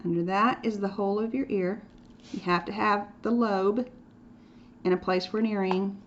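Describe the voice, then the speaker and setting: A woman's voice: mid-range voice, fairly even intonation, moderate pace. A woman teaching a drawing lesson in a playful, chatty way, dropping into whispered asides as she demonstrates. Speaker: art teacher. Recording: dull lo-fi sound with faint noise.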